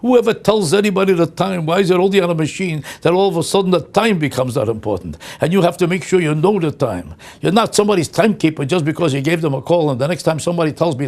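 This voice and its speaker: A man's voice: a little high, fast, hardly any pauses, darkish tone. An older man delivering a comic rant, indignant and incredulous, piling up exasperated insults. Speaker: comedian. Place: home vlog.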